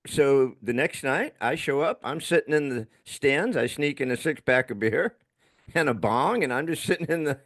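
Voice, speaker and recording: A man's voice: medium pitch, animated, normal speed, a bit bright, no room sound. A man, a podcast host, telling a story in a laid-back way, laughing often and acting out other voices. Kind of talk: casual storytelling.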